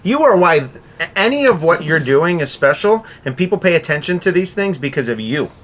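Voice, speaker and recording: A man's voice: fairly high pitch, very animated, moderate pace, a bit bright, slight background noise. A man from Buffalo, New York, a guest in a casual podcast chat, telling stories earnestly and with enthusiasm.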